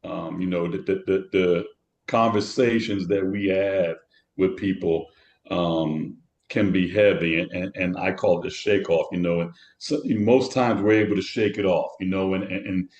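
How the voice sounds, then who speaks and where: Deep-voiced halting man, roomy echo. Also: darkish tone. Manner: halting, many repeated words. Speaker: podcast co-host, retired first responder. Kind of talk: casual reflective talk.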